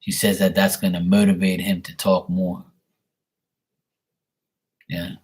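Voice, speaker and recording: A man's voice: sits low, completely flat delivery, measured pace, a little mellow. A young man doing a live tarot reading on camera, relaying messages in a rambling way full of fillers. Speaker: tarot reader. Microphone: webcam at desk.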